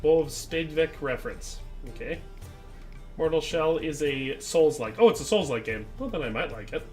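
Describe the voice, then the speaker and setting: A man's voice: fairly high pitch, expressive, normal speed, a little mellow, soft background music. A middle-aged man from the American Midwest with a Midwestern accent, chatting casually while playing a game live and reading chat aloud. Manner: chatty, reads chat aloud, frequent fillers. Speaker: streamer. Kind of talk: casual live gameplay commentary.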